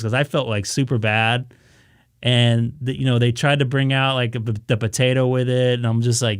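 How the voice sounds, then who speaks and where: Animated man telling a story on stream. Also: mid-range voice, normal speed, clean tone, no room sound, studio quality. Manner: animated, acts out his own reactions, many restarts. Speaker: ham radio live streamer. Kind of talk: casual storytelling on a live stream.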